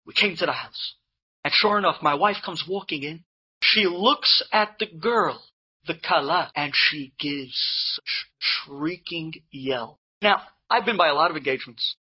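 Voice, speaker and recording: Husky-voiced man telling a story. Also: fairly high pitch, a little slow, dull audio. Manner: animated storyteller, mixes in Hebrew and Yiddish terms. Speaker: Torah speaker telling inspirational stories. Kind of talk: storytelling talk to a live audience.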